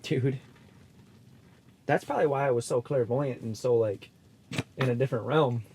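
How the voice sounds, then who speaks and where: A man's voice: mid-range voice, moderate pace, noisy background. A young man co-hosting a podcast, rambling in laid-back casual chat from an ice fishing shelter. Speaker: podcast co-host.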